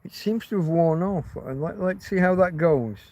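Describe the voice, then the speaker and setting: A man's voice: on the high side, moderate pace, a little mellow. A man hosting a casual livestream, rambling, swearing freely and reading out viewer comments. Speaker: livestream host.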